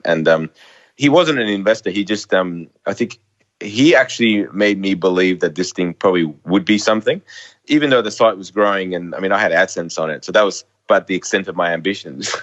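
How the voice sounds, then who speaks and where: A man with a low voice talks quickly as an interview guest, candid and often tripping over his words. He sounds middle-aged. The audio is somewhat dull and lo-fi. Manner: fast, stumbling, candid. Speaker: guest, company founder. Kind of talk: casual interview.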